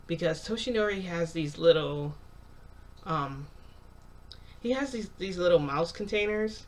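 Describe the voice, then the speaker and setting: A man's voice: high-pitched, animated, moderate pace, long pauses. A man telling a long story in a casual, rambling way, full of "like" and small laughs. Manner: rambling, heavy use of "like"; chatty, laughs often. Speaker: vlogger.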